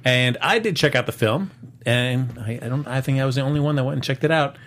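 A man's voice: mid-range voice, quick pace, fairly bright tone. Guy hosting a movie chat stream, rambly, lots of uh and um. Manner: rambling, many fillers and restarts. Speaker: podcast host. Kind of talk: casual live-stream chat.

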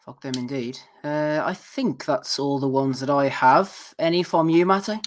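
A man's voice: on the high side, normal speed. A man hosting a boxing podcast, reading out listener messages with a dry, wry delivery. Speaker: podcast host.

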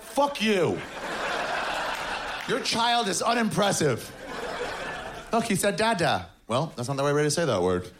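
A man doing a stand-up set on a club stage, sardonic and mocking, jumping into high shouted voices when he acts people out. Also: big pitch swings, moderate pace. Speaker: stand-up comedian. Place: comedy club stage with audience. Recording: noisy live club recording.

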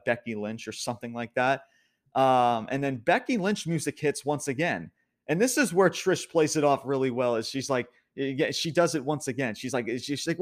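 Man, young adult, podcast host, casual wrestling recap, rambling, restarts, laughs a lot, medium pitch.

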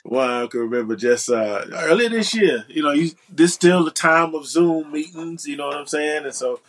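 A man co-hosting a casual chat, telling a story in a lively way and jumping high when he quotes someone. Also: normal speed. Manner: lively, rises to high laughing shouts when quoting. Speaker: podcast co-host.

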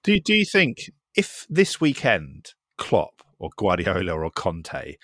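A lower-voiced man in a casual podcast chat, with a bright edge to his tone. He jokes playfully, his pitch leaping far up when amused, and the sound is dry. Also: wildly swooping pitch, slow pace, dry recording. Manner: playful, leaps high when laughing.

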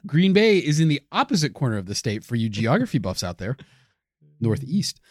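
Man, podcast co-host, crude jokes, swooping lively pitch, dry close sound. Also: a little fast, no echo. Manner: joking, crude, reads notes with many fillers. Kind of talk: comedic history podcast chat.

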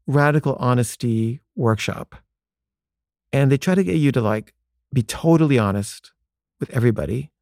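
A man's voice: mid-range voice, a little mellow, no room sound, clean studio sound. A man telling a personal story in a loose conversational way, full of "like" fillers and acted-out bits of dialogue. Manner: conversational, frequent "like" fillers, acts out quoted dialogue.

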